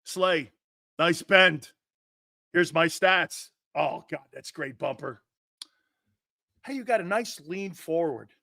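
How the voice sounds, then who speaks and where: Male sports talk host: high-pitched, loud, mocking, foul-mouthed ranter. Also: animated, takes it slowly, creaky, long pauses, no echo, studio quality. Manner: loud, mocking and profane, often breaking into shouts and laughter. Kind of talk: brash sports talk rant.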